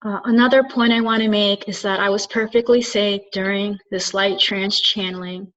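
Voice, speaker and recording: A woman who is a spiritual channeler and soul coach speaks to the camera with a steady, slightly bright mid-range voice at a moderate pace. Her solo talk is earnest and reflective, thought through aloud, in dull lo-fi sound.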